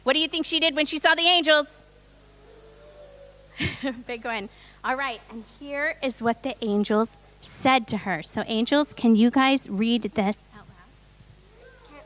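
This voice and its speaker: Bright high-voiced woman coaxing children. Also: unhurried, long pauses. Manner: upbeat, coaxing, directs children. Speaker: children's presentation leader. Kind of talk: leading a children's Easter reenactment. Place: church.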